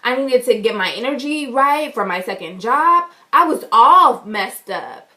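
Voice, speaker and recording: A woman vlogger telling an animated, indignant story to the camera. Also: fairly high pitch, a little slow. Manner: animated, indignant, acts out quotes loudly. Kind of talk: storytime vlog.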